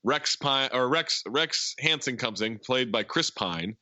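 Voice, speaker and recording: A man's voice: medium pitch, measured pace, dry recording, muffled recording. A man co-hosting a podcast, casually retelling a film's scenes with lots of quoting and asides. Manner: animated retelling with quoted lines. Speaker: podcast co-host. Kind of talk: casual movie recap chat.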